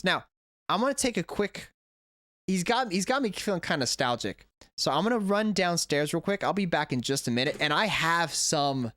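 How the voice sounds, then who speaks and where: Speaking with a fairly high, fairly bright voice and no echo, an English teacher reacts to a video from his home. The casual vlog is rambling, full of self-corrections.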